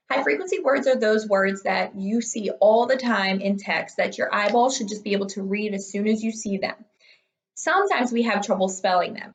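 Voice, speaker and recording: A young woman teaching third graders in an upbeat, encouraging recorded online lesson. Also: mid-range voice. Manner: upbeat, encouraging, talks to children.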